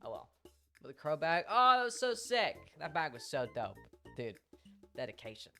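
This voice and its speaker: A streamer with an English accent telling a story to their chat in a casual, animated way, swearing freely and acting out what people said. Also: mid-range voice, moderate pace, faint music behind. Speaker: livestreamer.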